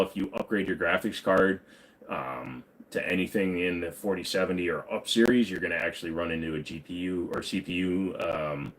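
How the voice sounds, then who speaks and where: Man with a lowish voice, casual livestream Q&A, reads chat questions, answers offhand, lots of fillers. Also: fairly bright tone.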